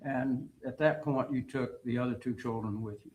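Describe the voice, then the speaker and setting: A man's voice: medium pitch, steady tone, normal speed, a little mellow, dull audio. Male attorney questioning a witness. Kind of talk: courtroom questioning. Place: courtroom.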